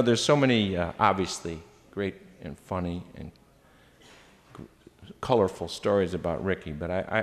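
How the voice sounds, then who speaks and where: An older man giving a farewell floor speech as senate president, teasing dryly and then speaking earnestly. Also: deep voice. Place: legislative chamber. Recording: reverberant hall.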